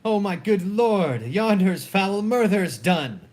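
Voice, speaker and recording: Man reading a fierce fearless waiting-woman, accusing, urgent, high voice, play reading. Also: lively intonation, slow pace, darkish tone.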